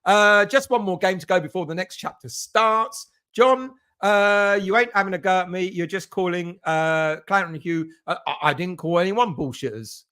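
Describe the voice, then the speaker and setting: A man's voice: high voice, normal speed, hardly any pauses, sharp tone, clean tone. A man from England hosting a casual live stream for football fans, rambling and greeting chat viewers by name. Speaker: fan channel host reading live chat.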